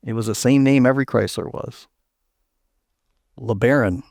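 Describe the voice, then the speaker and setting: Older male guest, gravelly storyteller, dry close recording. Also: mid-range voice, moderate pace, darkish tone, no echo. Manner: rambling anecdotes with restarts and laughs. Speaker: guest, retired chief engineer. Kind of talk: storytelling interview.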